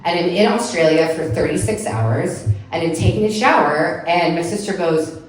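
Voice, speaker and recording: A woman with a somewhat low voice tells a personal story on a live stage, earnest and heartfelt, often saying "like." She sounds distant from the mic. The room around her rings with a lot of echo. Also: expressive, moderate pace. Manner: earnest, heartfelt, with frequent "like" fillers. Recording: echoey room, picked up from far off.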